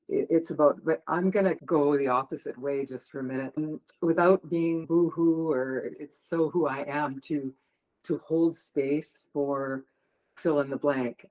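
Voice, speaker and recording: A woman on a group video call sharing something personal, halting and restarting, with nervous laughs. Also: low voice, darkish tone, poor audio. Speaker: call participant.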